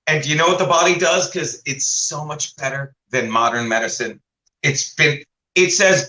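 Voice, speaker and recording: A man's voice: a little high, normal speed, echoey room, low-quality recording. A man co-hosting a casual comedy talk show, rambling through stories and jumping in with voices of people he describes. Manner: rambling, animated storytelling with impressions. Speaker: co-host.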